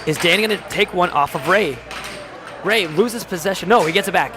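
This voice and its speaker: A man doing live-stream sports commentary, calling plays in quick bursts and reading chat aloud with jokes. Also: high-pitched, noisy background. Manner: rapid play-calling, reads chat aloud, jokey. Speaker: play-by-play commentator. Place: home studio.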